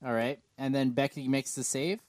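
A man's voice: mid-range voice, steady tone, normal speed, darkish tone, no room sound. A man co-hosting a casual podcast, rambling with many restarts and some swearing. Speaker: podcast co-host. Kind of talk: casual wrestling chat.

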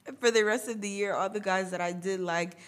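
A woman's voice: mid-range voice, fairly even intonation, brisk. A young woman hosting a podcast, telling a personal story in a chatty way, laughing often and using lots of fillers. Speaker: podcast host. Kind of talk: casual storytelling.

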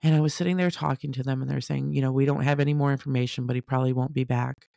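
A woman's voice: a bass voice, steady tone, rapid-fire, vocal fry, warm tone, no echo, clean studio sound. A woman telling a personal story in a conversational way, reenacting what people said.

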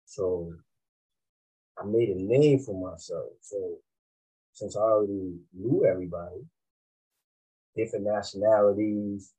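A man's voice: on the low side, mellow, slightly rough, rough recording. A man from Massachusetts, a rapper guest, telling laid-back, slangy stories in a casual interview and laughing often.

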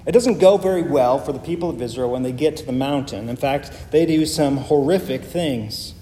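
A man's voice: medium pitch, moderate pace, mellow, a little hiss or hum. A male pastor preaching a sermon, emphatic and building his points through repeated phrases. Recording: long reverb of a large hall.

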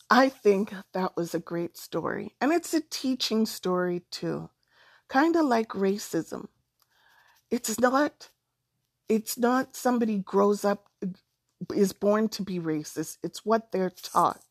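A woman storyteller narrating a folk tale and sharing a personal reflection afterward, in a gentle, deliberate manner. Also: mid-range voice, dry recording, clean studio sound.

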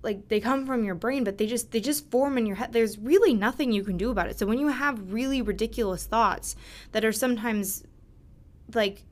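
Chatty young woman hosting a podcast. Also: on the high side. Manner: chatty, many fillers and restarts. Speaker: podcast host. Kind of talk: casual monologue on self-love.

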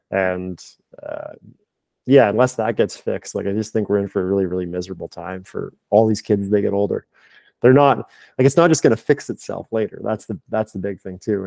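A man in his thirties, a high performance coach, talking candidly on a podcast, rambling with fillers and restarts. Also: creaky, warm tone, dry recording. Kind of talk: casual podcast conversation.

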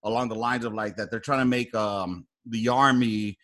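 A man telling army stories in casual chat, animated and profane, acting out loud quotes. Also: fairly low pitch, moderate pace. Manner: animated storyteller, heavy swearing, acts out quotes loudly.

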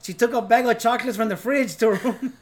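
A man's voice: extremely high pitch, quick pace. A man in his thirties in casual chat, laid-back and laughing easily, calling his friend bro.

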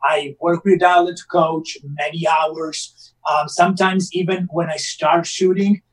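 High-voiced man, a bit off-mic. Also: steady tone, measured pace, distant mic, low-quality recording. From Italy. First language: Italian. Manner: earnest, methodical explainer. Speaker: actor guest. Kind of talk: casual interview chat.

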